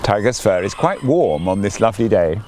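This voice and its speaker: An older man, a priest leading morning prayer outdoors in a garden, talking gently and chattily with a few fillers. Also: lowish voice, big pitch swings, moderate pace, slight background noise. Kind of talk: gentle devotional talk. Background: faint birdsong.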